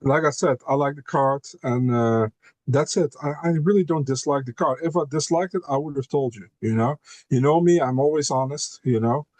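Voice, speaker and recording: A man's voice: medium pitch, normal speed, darkish tone, no echo. A laid-back man talks casually on a podcast, often circling back on his words with "you know" and "man". His voice sits in a middle range and is recorded dry and close, with no room sound. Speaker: podcast guest, MMA co-host.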